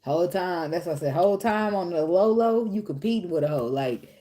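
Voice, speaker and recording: A woman's voice: fairly low pitch, animated, fairly quick, warm tone. A woman giving a casual tarot reading, blunt and profane, who laughs often and talks straight to the viewer. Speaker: tarot reader.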